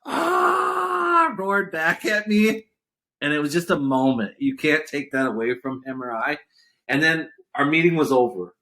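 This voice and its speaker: A man talks through a story as a podcast guest. His pitch sits in an ordinary middle range. He plays out the lines of others as he goes. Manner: animated storyteller acting out quotes. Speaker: guest entrepreneur. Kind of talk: storytelling interview chat.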